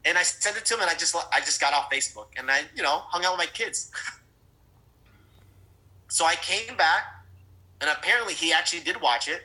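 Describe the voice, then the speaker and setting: A middle-aged man telling a story in a sales training talk. He is animated, often restarts and repeats words, and speaks straight to his audience. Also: a little high, a little fast, rough recording. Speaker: network marketing trainer.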